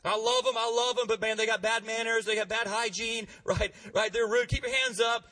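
Man, pastor, energetic sermon, high lively voice, bright, husky, distant church mic. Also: brisk. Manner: energetic, calls on the congregation to respond.

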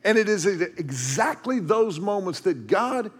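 High-voiced man telling a story. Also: very animated, measured pace, slightly rough. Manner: vivid storyteller, drops to a hush for asides. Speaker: speaker. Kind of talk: storytelling devotional talk.

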